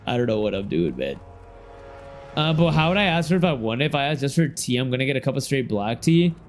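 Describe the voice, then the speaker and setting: A man's voice: medium pitch, normal speed, pauses often, a little hiss or hum. Slangy young man streaming, chatting loosely. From Ohio. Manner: loose, slangy, reacts with sudden excited shouts. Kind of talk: casual game stream chat.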